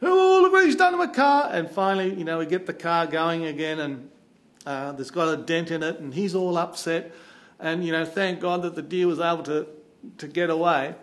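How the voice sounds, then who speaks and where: A man from Australia with an Australian accent, telling a travel story in a chatty, animated way. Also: on the high side, normal speed. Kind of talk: casual anecdote.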